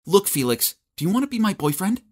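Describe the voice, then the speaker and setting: A man voicing a bossy, popular teenage cheerleader girl who makes demands in an animated storybook. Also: medium pitch, quick pace, breathy edge, pitched above the performer's own voice. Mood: serious. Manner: haughty, demanding.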